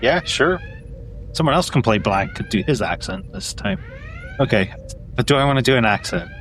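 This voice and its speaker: A man's voice: medium pitch, very animated, moderate pace, fairly bright tone, a little hiss or hum. A man playing a tabletop game, chatting easily about his character's checks. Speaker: player. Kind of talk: casual tabletop play.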